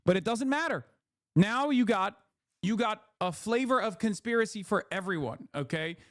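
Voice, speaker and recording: A man's voice: high voice, lively intonation, moderate pace, fairly bright tone, no room sound, clean studio sound. A man ranting sarcastically and with profanity as a political commentator on a casual livestream. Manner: heated, profane, sarcastic rant.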